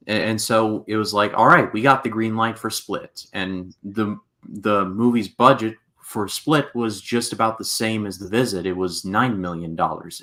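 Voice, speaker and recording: A young man hosting a casual movie podcast, relaxed and steering the talk with a few fillers. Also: lowish voice. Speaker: podcast host.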